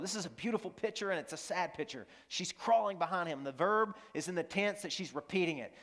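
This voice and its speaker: A man's voice: high-pitched, moderate pace, fairly bright tone. A male pastor preaching a sermon in a school auditorium, earnest and emphatic, repeating lines and asking the audience questions. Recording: long hall reverb from the auditorium.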